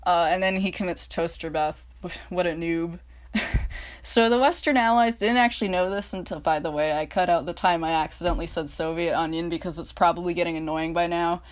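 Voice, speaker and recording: Lady reading her fan story out loud, then rambling casual and jokey, lots of ums, kinda low voice. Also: a little fast. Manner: casual, self-mocking, full of fillers. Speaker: storyteller and fan video maker.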